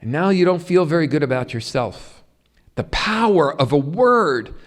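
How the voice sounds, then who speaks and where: A man's voice: fairly high pitch, sing-song, normal speed. A middle-aged man giving a public Ayurveda lecture, speaking to the audience in a string of emphatic rhetorical questions. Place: yoga center hall.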